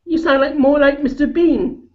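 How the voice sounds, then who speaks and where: High, giggly English woman. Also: normal speed, a little mellow. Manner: giggly, asking questions. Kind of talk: casual chat. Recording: dull lo-fi recording.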